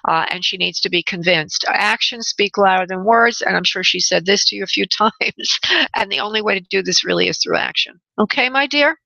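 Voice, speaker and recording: Gravelly New woman giving readings. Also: medium pitch, a little fast, sharp tone, no room sound, lo-fi sound. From New York. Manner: motherly, calls callers honey, direct and firm. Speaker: radio show host and spirit medium. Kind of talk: call-in radio reading.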